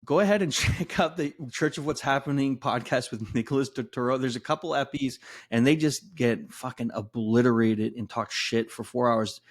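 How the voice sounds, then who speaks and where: A man's voice: mid-range voice, moderate pace, hardly any pauses. Brash swearing man hosting a podcast. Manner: brash, swears freely, rattles off lists. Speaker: podcast host. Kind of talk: casual podcast banter.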